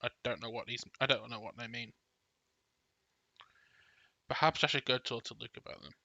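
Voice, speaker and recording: A man's voice: medium pitch, fairly even intonation, moderate pace, sharp tone, dull audio. A man voicing a weary young woman Jedi troubled by visions, talking hesitantly in a tabletop role-play. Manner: hesitant, restarts sentences.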